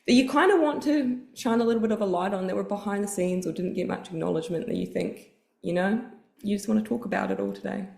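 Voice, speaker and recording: Woman host, gravelly voice, lively pitch, gentle affirming questions, echoey room. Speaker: podcast host. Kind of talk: interview questions. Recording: roomy echoey recording.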